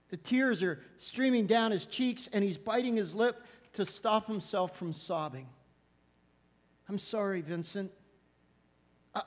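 A man preaching a sermon, telling a story dramatically and dropping to hushed soft lows. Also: in a large hall.

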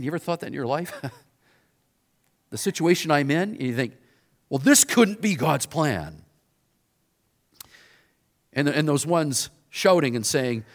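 Male preacher, sermon, animated storytelling, fairly high voice, lively pitch. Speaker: pastor.

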